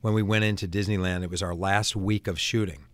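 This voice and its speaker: A man with a lowish voice spins a long anecdote as an interview guest, animated and full of restarts. The recording is dry and close, with no room sound. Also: fairly quick, no echo. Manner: lively storyteller, frequent restarts. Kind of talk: casual anecdote telling.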